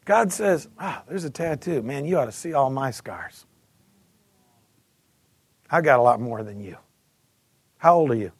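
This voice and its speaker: A man's voice: medium pitch, a little slow, pauses often, breathy edge, dry recording. A man in his fifties giving a sermon testimony, telling his story with energy and acting out the voices of others. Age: 50s. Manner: animated storytelling, acts out voices, repeats words.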